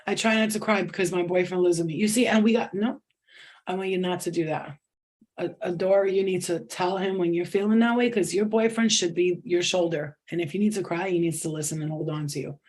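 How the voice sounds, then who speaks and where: Mellow-voiced woman giving a chatty spiritual reading. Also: on the low side, fairly quick. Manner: chatty, swears, many restarts and laughs. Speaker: tarot reader. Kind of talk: live casual spiritual reading.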